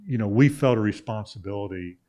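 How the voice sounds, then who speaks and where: Fairly low-pitched, mellow and fairly quick, this voice belongs to a middle-aged Illinois sports journalist guesting on a talk show. He casually rambles through a long story, with many "uh" fillers and restarts.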